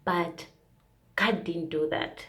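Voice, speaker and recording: A woman's voice: on the low side, steady tone, slow pace, fairly bright tone. A young woman vlogger sharing a casual, earnest faith testimony, rambling with fillers and restarts.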